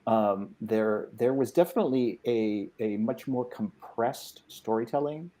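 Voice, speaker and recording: A man chatting casually as a guest, speaking thoughtfully with many fillers and quick affirmations. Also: medium pitch, warm tone. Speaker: guest game designer. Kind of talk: casual chat.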